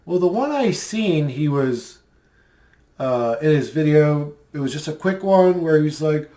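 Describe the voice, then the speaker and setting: A man's voice: fairly high pitch, lively intonation, a little slow, darkish tone. A man in a casual commentary vlog, rambling and mocking, with many fillers as he replies to comments. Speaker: video creator replying to comments.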